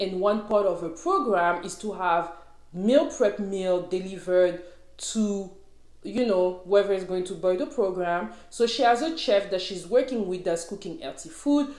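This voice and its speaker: A woman's voice: medium pitch, darkish tone. Chatty woman recapping a show in an echoey room. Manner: chatty and opinionated, addresses viewers as y'all. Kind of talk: casual chat recapping a reality show.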